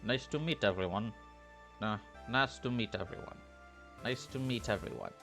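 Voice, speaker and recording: A man voicing an elderly head nun with a back complaint, in a lilting put-on Irish accent, gentle and motherly. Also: lowish voice, moderate pace, vocal fry, faint music behind. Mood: fond.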